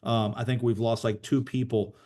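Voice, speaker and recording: Male call host, mid pitch, casual motivational storyteller, repeats and restarts a lot. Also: level tone, normal speed, a little mellow.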